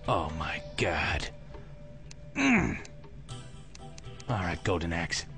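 A man hosting a let's play, giving goofy, excitable, self-mocking gameplay commentary. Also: sits low, drawn-out words, pauses often, faint music behind.

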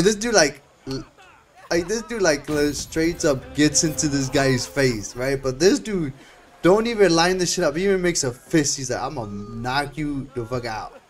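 A man streaming live gameplay, reacting with lots of laughter and slangy, excited commentary. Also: fairly high pitch, a little hiss or hum. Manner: slangy and swearing. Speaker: game streamer.

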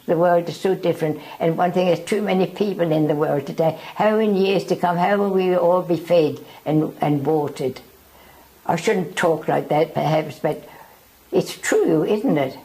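Very old woman, halting and reflective. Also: on the low side, creaky, darkish tone, poor audio. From South Africa. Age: over 100. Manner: halting, repeats herself, reflective. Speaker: interviewee. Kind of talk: oral history interview.

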